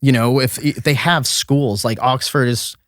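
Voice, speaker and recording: A young comedian from Vermont, USA, chats casually as a podcast guest, rambling, laughing often, and using lots of fillers. His mid-range voice has a steady, fairly bright tone at normal speed, recorded in studio quality with no echo.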